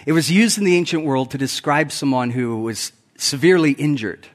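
A man's voice: fairly high pitch, fairly quick. A man in his forties, a guest pastor giving a conversational sermon with self-deprecating humor, often chuckling at his own stories. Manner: acts out quotes with raised voice. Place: church sanctuary.

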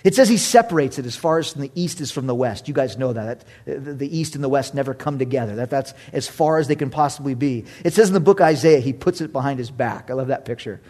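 A man in his thirties preaching a sermon, animated and humorous, jumping from loud exclamations to hushed asides. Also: mid-range voice, fast talker, few pauses. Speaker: pastor.

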